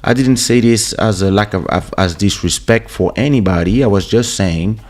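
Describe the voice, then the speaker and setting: A man hosting his own show, telling a casual story about his music career. He talks in a relaxed way and often repeats words as he goes. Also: on the low side, normal speed. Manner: relaxed anecdotal, stammering repeats. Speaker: host and musician. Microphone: studio podcast microphone.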